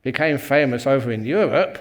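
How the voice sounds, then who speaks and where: A man's voice: medium pitch, animated, brisk. A man who is a Buddhist monk and meditation teacher, telling a humorous story in a talk and chuckling at his own jokes.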